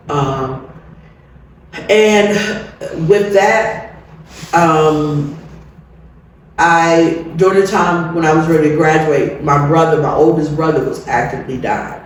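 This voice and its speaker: Middle-aged woman, interview guest, candid and lively, laughs easily; distant mic in a roomy space. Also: deep voice. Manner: animated, candid, laughs often. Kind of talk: personal storytelling. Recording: very echoey room, distant mic, faint noise.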